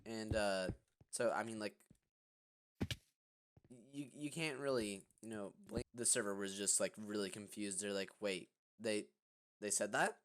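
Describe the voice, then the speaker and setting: A man's voice: lowish voice, fairly even intonation, measured pace, pauses often, smooth. A young man telling a story casually while gaming, rambling with lots of fillers and restarts. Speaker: vlogger. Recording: noisy recording with clicking.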